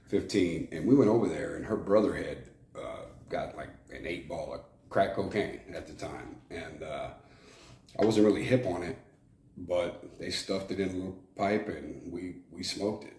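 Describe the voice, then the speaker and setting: A low-voiced man with a darkish tone talks at a moderate pace about his past as a prison shot caller in Arizona. Interviewed, he's frank but rambling, with plenty of fillers and restarts, recorded in an echoey space with faint noise.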